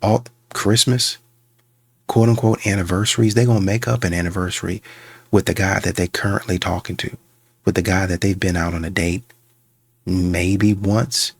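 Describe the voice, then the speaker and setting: A man hosting a reaction channel, commenting casually on a clip and acting out little scenes in animated asides. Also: low voice, moderate pace, gravelly, slightly rough, no room sound. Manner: animated storytelling with voiced asides.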